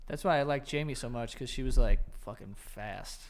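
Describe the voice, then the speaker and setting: A man's voice: mid-range voice, moderate pace. A man in his thirties co-hosting a podcast, telling crude joking anecdotes. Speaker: podcast co-host. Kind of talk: casual chat.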